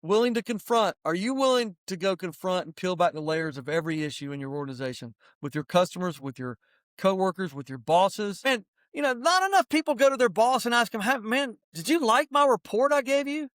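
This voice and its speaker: On his casual motivational podcast, a middle-aged host rapidly fires off blunt, heated, preachy opinions. His high-pitched voice has lively intonation, and the studio sound is clean and echo-free.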